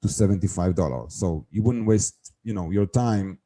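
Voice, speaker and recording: A man's voice: deep voice, moderate pace, dark tone. A middle-aged man, a guest on an interview show, telling a business story and acting out the dialogue as he goes. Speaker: guest, wholesale seller.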